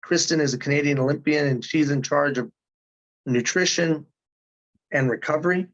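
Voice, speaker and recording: A man's voice: on the high side, moderate pace, muffled recording. A man in his fifties telling his story in a casual interview, earnest and emphatic. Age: 50s. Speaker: guest.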